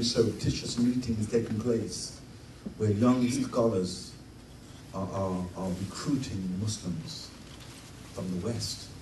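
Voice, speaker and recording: A middle-aged man giving an emphatic sermon at a conference, his voice swelling to loud peaks. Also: medium pitch. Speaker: conference speaker. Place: conference hall. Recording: roomy hall, distant mic, faint noise.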